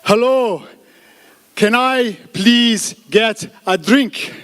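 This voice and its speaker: A man voicing a lottery-winning Irishman on holiday, with a deliberately bad Irish accent, speaking slowly and cheerily. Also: high-pitched, animated, big-room sound. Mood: cheery. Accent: Irish, put on badly.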